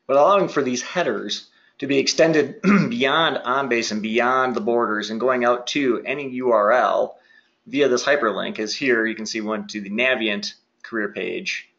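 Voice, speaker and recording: A man presenting a software webinar, adding upbeat, chatty commentary on new features. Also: medium pitch, normal speed, creaky, highs cut off. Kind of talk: webinar walkthrough.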